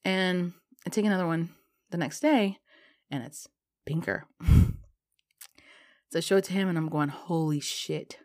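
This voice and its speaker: A woman vlogger telling a personal story in a casual, animated way, swearing and laughing as she goes. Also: lowish voice, moderate pace, pauses often.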